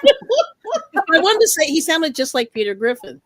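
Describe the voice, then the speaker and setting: A woman hosting a casual craft chat, telling stories in a lively way, laughing often and greeting viewers. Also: very high-pitched, a little slow. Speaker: host.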